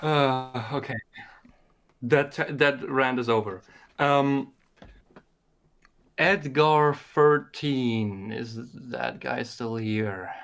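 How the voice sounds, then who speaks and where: A man's voice: mid-range voice, very slow, gravelly, long pauses, fairly bright tone. Hesitant man co-hosting a stream. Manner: hesitant, stammering restarts. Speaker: co-host reading questions. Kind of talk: casual live-stream chat.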